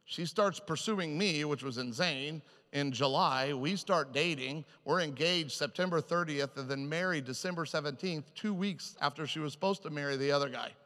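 Man, humorous sermon, self-mocking, animated, bright forceful tone, long hall reverb. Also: fairly high pitch. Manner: animated, self-mocking, quick shifts into quoted voices. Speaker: preacher.

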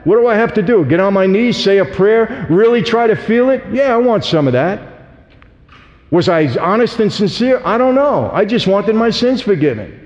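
A man tells his life story to an audience with earnest emphasis, addressing the listeners directly. His voice sits a little high. The lo-fi recording sounds dull and rings with the long reverb of a large hall. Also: darkish tone. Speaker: speaker giving a testimony. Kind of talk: personal testimony to an audience.

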